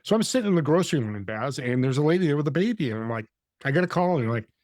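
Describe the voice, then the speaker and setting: A man guest on a podcast, telling a story in an animated way and acting out the dialogue. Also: medium pitch, rapid-fire, no echo, studio quality. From California.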